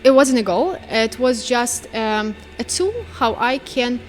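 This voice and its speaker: Young woman, Ukrainian accent, podcast guest, slightly high voice, chatty and animated. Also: a little slow. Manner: chatty, animated, searching for words. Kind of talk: casual conversation.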